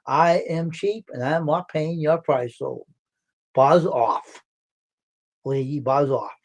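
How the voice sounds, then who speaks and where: A gruff, blunt man, talking loosely on a livestream. His voice sits a little high for a man, and he swears without a second thought. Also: darkish tone. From Brockton, Massachusetts. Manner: blunt, gruff storyteller who swears freely. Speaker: livestream host. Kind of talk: casual livestream chat.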